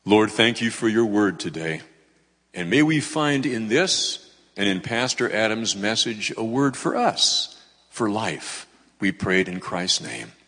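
A man, a pastor, reading scripture aloud and closing in prayer, with a measured, expressive delivery. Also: on the low side, long reverb tail.

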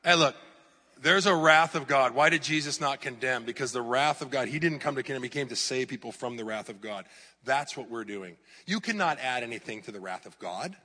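A middle-aged male pastor preaching an animated sermon in a church, sometimes mocking clickbait headlines in a raised voice. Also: medium pitch, fairly quick, in a large hall. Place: church hall.

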